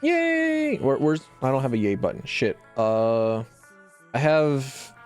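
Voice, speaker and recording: Man, game streamer, excitable rambling commentary, faint background music. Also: a little slow, clear, resonant tone. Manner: rambling, excitable, jumps to high yelps and laughs. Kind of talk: let's play commentary.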